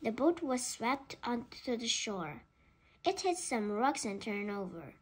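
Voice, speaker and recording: A woman reading a children's book aloud, slowly and carefully. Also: on the high side, sing-song, husky. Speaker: storybook reader.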